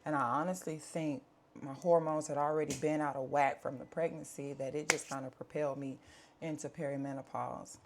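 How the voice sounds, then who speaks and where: With some background noise behind her, a woman vlogger talks a little fast in a low voice with fairly even intonation. It's a candid life-update chat to camera from home, earnest and full of fillers.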